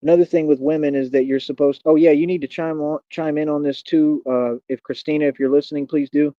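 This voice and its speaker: A man's voice: a little high, fairly even intonation, fast, no echo. Combative man ranting on a livestream. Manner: combative, taunting, repeats "bro". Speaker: livestream host. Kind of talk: livestream rant to chat. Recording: dull lo-fi stream audio.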